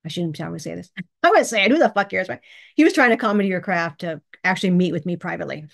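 A woman's voice: fairly low pitch, expressive, fast talker, vocal fry, a bit bright. Chatty woman telling a story. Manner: chatty, laughs often, acts out quoted dialogue. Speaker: channel host. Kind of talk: casual storytelling vlog. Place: bedroom.

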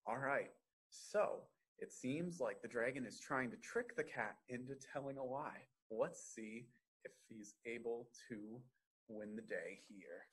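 A man reading a story aloud to children at a library storytime, gently asking the listeners questions. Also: medium pitch, unhurried.

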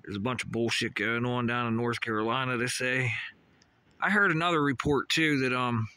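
A man's voice: medium pitch, moderate pace, bright, forceful tone, clear, resonant tone. A man vlogging on a hilltop walk, rambling and swearing casually as he chats to animals and trees, recorded outdoors on a phone. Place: outdoors on a hilltop walking path. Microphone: phone camera.

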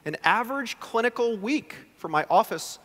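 Animated man lecturing in a reverberant hall. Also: high-pitched, normal speed. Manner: animated, acts out patient quotes. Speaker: guest lecturer, prosthodontist. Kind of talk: conference talk.

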